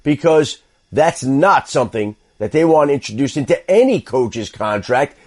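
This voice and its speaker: A man on sports radio, measured and explanatory, laying out football league insight and repeating his key points. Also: mid-range voice, expressive, darkish tone. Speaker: football insider.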